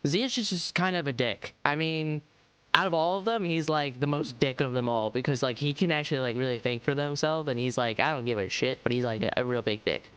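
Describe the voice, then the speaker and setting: A man's voice: fairly high pitch, a little fast, fairly bright tone, clean tone. A man giving a casual, rambling video game review, full of "like" and restarts. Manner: rambling, lots of fillers.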